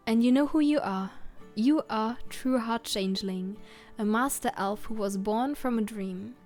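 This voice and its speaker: A woman reads the narration of a text-based story game aloud in English. Her voice is light and fairly high, and her reading is steady and even. Faint music plays quietly behind her. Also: unhurried, hardly any pauses. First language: German. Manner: reads narration steadily, adds German asides. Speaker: let's player.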